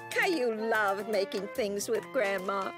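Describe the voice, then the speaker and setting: A woman narrates a preschool cartoon in a gentle, clear storytelling voice. Her pitch moves expressively, rising and falling through each sentence. Loud, bouncy children's music plays under her. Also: lively intonation, a little slow.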